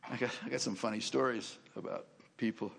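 A man preaching a sermon and sharing his testimony in a church, joking as he tells stories and rising to loud, emphatic lines. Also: mid-range voice, a little fast, gravelly, a little hiss or hum. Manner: animated, joking storyteller who rises to loud emphasis. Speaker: guest preacher. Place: church sanctuary. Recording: long reverb of a large church hall.

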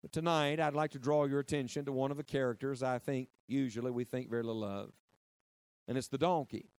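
A man's voice: medium pitch, steady tone, brisk, darkish tone, smooth, no echo. A man preaching a sermon, emphatic and repetitive. He drives key phrases home, prompts the congregation to answer and drops playful asides.

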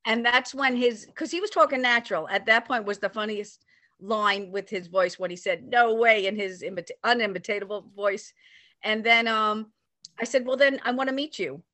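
An older woman from the New York area telling a personal story in a casual, animated way, acting out the voices of the people she quotes. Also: medium pitch, normal speed, no echo. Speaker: storyteller recounting a personal memory. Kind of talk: casual anecdote.

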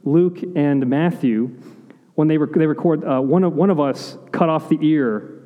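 A man's voice: on the high side, moderate pace, phone-quality sound. Preaching man in a reverberant hall. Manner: earnest preaching with rhetorical questions, drops to quiet intensity. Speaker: pastor. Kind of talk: sermon.

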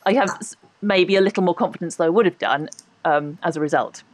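A woman's voice: lowish voice, fast talker. A woman with a posh voice, a guest on a podcast, chatting animatedly, laughing often and hedging her points. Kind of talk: casual interview chat.

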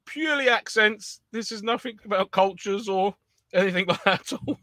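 A man's voice: high voice, moderate pace, bright, forceful tone, no echo. A man from England co-hosting a casual podcast, teasing his partner with banter and bursts of laughter. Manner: teasing banter, breaks into laughter and silly catchphrases. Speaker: podcast co-host.

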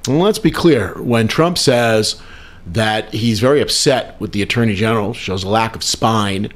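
A man's voice: on the low side, moderate pace. A man hosting a political talk radio show, delivering news commentary with a wry, sarcastic edge.

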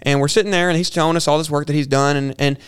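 A young man talks quickly in a smooth, clear voice, eagerly repeating himself as he tells a personal story. His voice sits a little high for a man. The recording is dry and close. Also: steady tone, dry recording. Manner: earnest, repeats and restarts words often. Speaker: guest. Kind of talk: casual storytelling interview.

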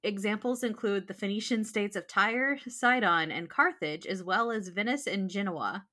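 A woman hosts a trivia game on a casual podcast, reading questions with a bright, forward tone. She laughs easily as she goes and keeps things light. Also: medium pitch, moderate pace. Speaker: trivia host.

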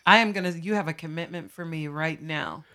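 A woman, a former teacher, chatting casually and telling stories with animated emphasis. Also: deep voice, a little fast, crowd noise. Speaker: podcast co-host, former teacher. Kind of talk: casual chat.

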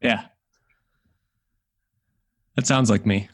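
A man guest on a comedy podcast, playing along with deadpan short quips in casual banter. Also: on the low side, very slow, slightly rough, no room sound, studio quality.

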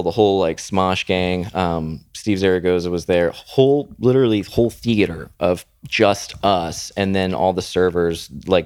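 A young man with a very low voice chats on a podcast. He tells stories in a loose, rambling way, full of "like" and "dude.". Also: clear, resonant tone. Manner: rambling, animated storyteller, says "dude" and "like". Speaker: podcast co-host. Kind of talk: casual chat.

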